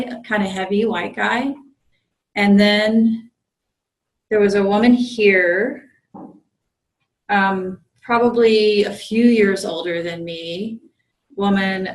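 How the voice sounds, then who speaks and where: A woman priest telling a story in a relaxed dharma talk, with frequent fillers and restarts. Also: mid-range voice. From United States. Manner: conversational, many fillers and restarts. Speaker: visiting Zen priest giving a dharma talk. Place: meditation group room. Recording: roomy echo.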